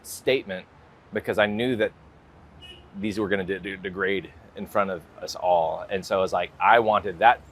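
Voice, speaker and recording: An American man with a low voice, fairly even intonation, and moderate pace is a guest artist in an interview. He talks casually and rambles, full of "like" and "you know." A little hiss or hum sits in the background.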